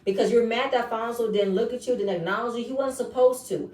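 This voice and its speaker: A woman recapping a reality show episode in casual, animated commentary, acting out the quoted lines in changing voices. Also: fairly high pitch, brisk, recorded from a distance. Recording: echoey room, voice set back from mic.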